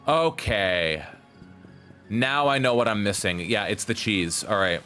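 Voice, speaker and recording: A man's voice: on the low side, expressive, measured pace, sharp tone, soft background music. A man giving chatty live-stream commentary on a game, rambling and slipping in puns.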